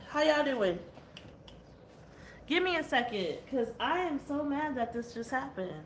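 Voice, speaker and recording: A woman's voice: high-pitched, animated, unhurried, a little hiss or hum. A woman giving a casual tarot reading, blunt and chatty with exasperated asides. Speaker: tarot reader.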